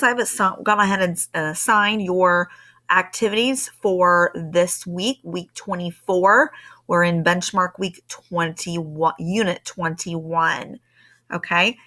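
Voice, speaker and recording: A woman's voice: fairly low pitch, bright, forceful tone. A woman teacher recording a patient, step-by-step spelling lesson for her students.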